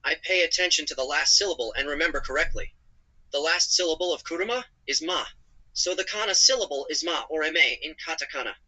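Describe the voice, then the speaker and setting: A gentle AI companion voiced by a synthetic man speaks in a calm, evenly paced, apologetic way. The tone is very bright and crisp, with a slightly raised pitch. He narrates his own actions as he talks. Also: fast talker, heavily acted, low-quality recording. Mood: earnest. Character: gentle male AI companion chatbot.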